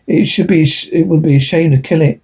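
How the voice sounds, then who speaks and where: A man's voice: a little high, fairly even intonation, brisk, dark tone, lightly acted. A man reading the part of a timid male native tribesman on an alien world, speaking in a hesitant, pleading way.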